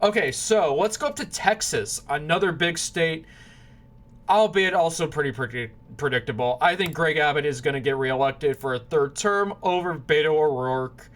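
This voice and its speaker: A man talks through his election predictions in a loose, rambling way, his voice sitting a little higher than most men's. He keeps restarting sentences and apologizing whenever he trips over a name. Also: normal speed, a bit bright. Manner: rambling, self-correcting, apologetic over names. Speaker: political commentator. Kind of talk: casual predictions monologue.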